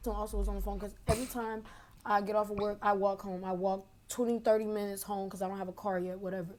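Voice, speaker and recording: A woman's voice: mid-range voice, flat delivery, fast, darkish tone. Young woman, caller, casual storytelling, rambling, phone call. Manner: rambling, fillers like "blah, blah".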